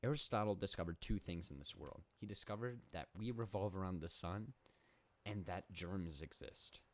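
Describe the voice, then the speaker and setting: Rambling young man, mock-serious, low voice. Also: moderate pace. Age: young adult. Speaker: podcast host. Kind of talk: comedic solo monologue.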